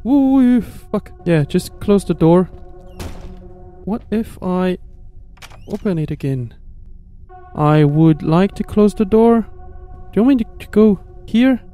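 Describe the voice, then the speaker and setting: Jumpy high-voiced man playing a horror game. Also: slow, pauses often, warm tone, soft background music. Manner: jittery, jumps to high-pitched pleading when scared. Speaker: gamer. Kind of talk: horror game playthrough commentary.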